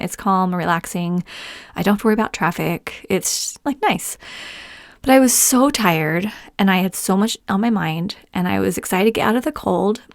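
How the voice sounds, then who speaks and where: A woman's voice: medium pitch, vocal fry, no echo, clean studio sound. A middle-aged woman hosting a podcast, telling personal stories in a chatty way and laughing often. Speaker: podcast host. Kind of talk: personal storytelling monologue.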